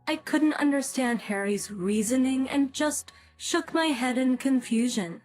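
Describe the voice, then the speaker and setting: A woman in her fifties narrating a first-person family story in a calm, matter-of-fact way. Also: high voice, unhurried, few pauses. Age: 50s. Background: faint background music.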